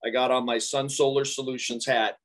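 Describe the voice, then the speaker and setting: A man guesting on an interview, a salesman telling animated stories and laughing through them. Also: mid-range voice, a little fast. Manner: animated storyteller who laughs through his anecdotes. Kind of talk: casual interview storytelling.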